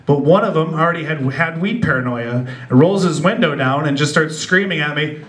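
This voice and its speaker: A young man doing a stand-up comedy set, telling laid-back stories and slipping into quick character voices. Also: on the high side, fairly bright tone. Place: small club with a live audience. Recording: echoey club room with crowd laughter.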